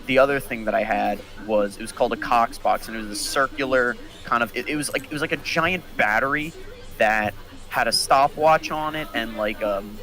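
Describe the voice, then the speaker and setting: A young man, a podcast co-host, telling a story in casual chat and acting out the quotes with big jumps in pitch. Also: a little fast, pushed and bright, poor audio.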